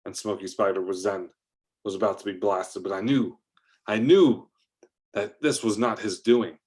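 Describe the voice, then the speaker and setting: A man's voice: deep voice, fairly even intonation, moderate pace, a little mellow. A man narrating an improvised adventure story, rambling along with fillers and restarts.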